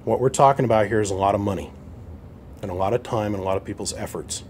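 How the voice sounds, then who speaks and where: Here the amp repair guy talks fast in a lowish, slightly mellow voice, with a touch of hiss in the recording. Aggrieved and blunt, he tells the camera a casual tale, acting out each caller in turn.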